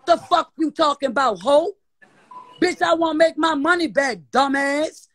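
Brief: high-pitched New Orleans bounce guest, defiant and cursing, mocking tone. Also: moderate pace, a bit bright. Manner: profane, defiant, mocking, repeats insults. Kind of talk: heated live-stream rant.

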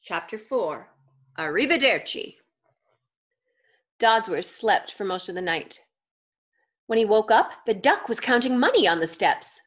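Reading a children's picture book, a woman playfully addresses kids with questions and asides. She's sing-song and mid-range with a fairly bright tone, speaking at a measured pace with frequent pauses, on a muffled recording.

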